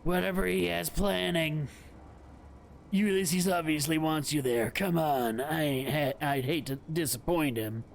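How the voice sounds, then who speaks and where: A streamer doing a gruff wasteland courier. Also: male voice, fairly high pitch, unhurried, a little hiss or hum. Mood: determined. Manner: gruff, clipped delivery. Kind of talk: voicing a game character on a stream.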